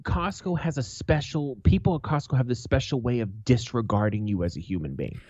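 A man's voice: medium pitch, lively intonation, fairly quick, darkish tone, dry recording. A man co-hosting a podcast, telling stories in a blunt, profane, aggressive way. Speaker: podcast co-host. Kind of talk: casual storytelling chat. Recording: slightly dull, lo-fi sound.

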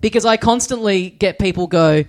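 Wisecracking man, crude quips. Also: sits high. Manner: quick crude quips, deadpan punchlines. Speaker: podcast co-host. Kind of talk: casual comedy podcast banter.

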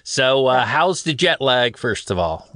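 A man's voice: medium pitch, big pitch swings, unhurried, fairly bright tone, no echo. A man co-hosting a comedy podcast from a studio, asking dry, teasing questions. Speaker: co-host. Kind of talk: deadpan comedy podcast banter. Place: studio in Burbank, California.

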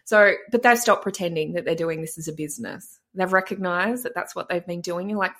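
A woman business coach co-hosting a podcast, ranting forcefully with tough love and swearing. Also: on the low side, expressive, normal speed, few pauses. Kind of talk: casual podcast rant.

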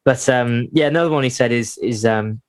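A man's voice: medium pitch, brisk, smooth, no echo. Casting: jokey male podcast co-host in his thirties, dry close sound. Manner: jokey, laughs often. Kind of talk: casual football podcast chat.

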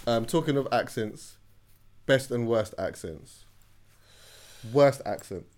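A man's voice: medium pitch, slow pace, darkish tone. A man co-hosting a podcast, chatting in a laid-back, candid way. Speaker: podcast co-host. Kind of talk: casual chat.

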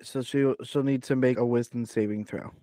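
A man's voice: mid-range voice, fairly even intonation, moderate pace, dark tone, no room sound. A man playing a tabletop game, talking earnestly and slipping between his character and plain table talk. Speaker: player.

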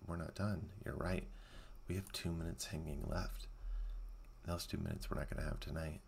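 A man hosting a podcast, giving excitable, sarcastic running commentary while watching a movie. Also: low-pitched, vocal fry, slight background noise. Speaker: podcast host.

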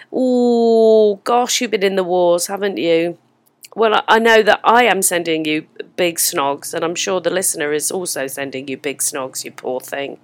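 Casting note: English woman host, chatty and crude, swooping pitch, dry close sound. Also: fairly bright tone, dry recording. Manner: bawdy, exclaiming, laughing at her own jokes. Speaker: podcast host reading listener messages. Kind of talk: casual comedic chat. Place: hotel room.

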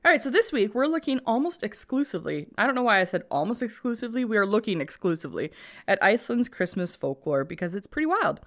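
A woman co-hosting a podcast, dry and teasing in banter, then reading her research in a steady flow. Her pitch moves around expressively. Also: fast. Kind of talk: casual chat, reading research notes.

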